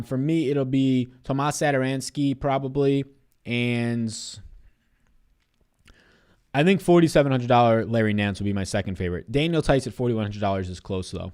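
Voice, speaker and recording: A man's voice: mid-range voice, a little mellow. A man in his twenties on a casual live stream, giving fantasy basketball picks and answering chat in a loose, profane way. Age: 20s.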